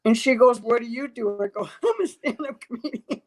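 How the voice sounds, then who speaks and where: A woman's voice: fairly high pitch, animated, normal speed, hardly any pauses, poor audio. A woman, a comedian telling a story in a casual chat, acting out quotes and laughing often. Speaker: comedian guest.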